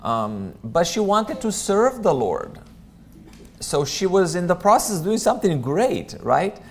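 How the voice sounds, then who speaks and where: A man's voice: sits high, big pitch swings, measured pace, slight background noise. A man teaching a Bible class in a church, talking casually with lots of ums and friendly asides. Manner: conversational, many ums, chatty asides. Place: church room.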